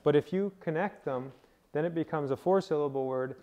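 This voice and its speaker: A man's voice: a little high, a little fast, dark tone, muffled recording. A man teaching a language class, explaining rules step by step and checking that his students follow. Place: indoor camp teaching session.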